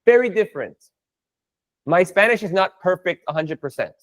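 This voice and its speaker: A man's voice: sits high, animated, moderate pace. A man teaching a live online Spanish class, playful and chatty, breaking down jokes and phrases for his students.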